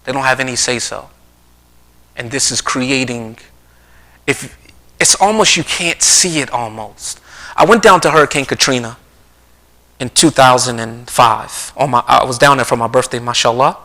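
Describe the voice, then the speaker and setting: Bright-voiced middle-aged man telling stories. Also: medium pitch, moderate pace, long pauses, poor audio. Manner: repeats and restarts phrases, earnest storytelling. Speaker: speaker on a community live stream. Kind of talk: conversational talk with storytelling. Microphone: streaming mic.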